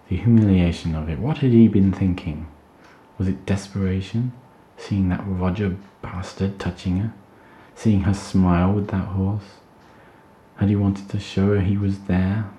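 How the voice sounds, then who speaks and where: A man reading fiction aloud at a steady, measured pace. His voice is deep, with a dark, mellow tone. The room around him gives a noticeable echo. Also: a little hiss or hum. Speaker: storyteller. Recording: roomy echo.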